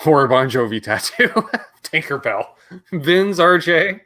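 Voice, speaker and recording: A man's voice: on the high side, sing-song, a little slow, pushed and bright. A middle-aged Canadian man co-hosting a live guitar stream, chatting casually and reading out viewer names.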